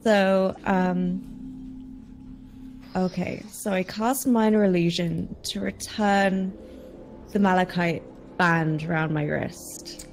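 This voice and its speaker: A woman's voice: lowish voice, steady tone, slow pace, pauses often, soft background music. A woman player in a tabletop game, talking casually and a little hesitantly. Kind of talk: casual play chat.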